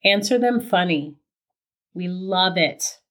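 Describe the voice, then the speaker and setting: A woman hosting a podcast in casual chat, relaxed and playful, laughing often. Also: on the low side, slow. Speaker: podcast host.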